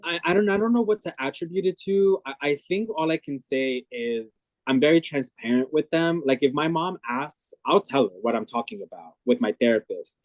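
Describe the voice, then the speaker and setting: A man's voice: on the high side, normal speed, few pauses, no echo. Man talking openly in an interview. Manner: reflective, open, many fillers and restarts. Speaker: guest. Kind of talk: candid conversational interview.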